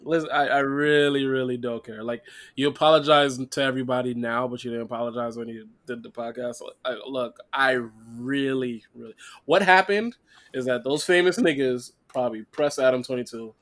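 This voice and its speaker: Bright-voiced joking man. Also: mid-range voice, fairly even intonation, fairly quick. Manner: joking, dismissive banter. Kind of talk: casual podcast chat.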